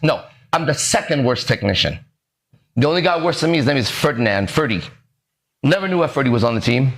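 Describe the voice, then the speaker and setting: A man in his forties hosting a podcast, telling a story in a lively way that acts out the voices and keeps checking in with the listener. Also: a little high. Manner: animated, acts out quoted lines, keeps checking in with "right?". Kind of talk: casual storytelling.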